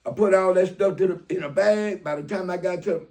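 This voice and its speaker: A man's voice: high-pitched, a little fast, darkish tone. A man, telling a street story in a profane, streetwise way and acting out the dialogue. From Mobile, Alabama. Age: 60s. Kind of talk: casual personal storytelling.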